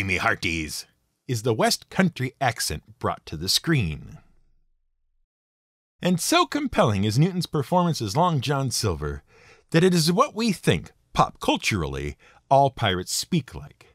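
Lively, wry male podcast narrator. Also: mid-range voice, dry recording. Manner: wry, playful storytelling with dry asides. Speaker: podcast host.

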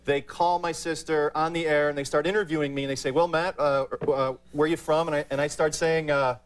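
Deadpan male comic guest, slightly high voice, filler-laden talk-show storytelling. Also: fairly quick. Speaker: comedian guest. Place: TV studio.

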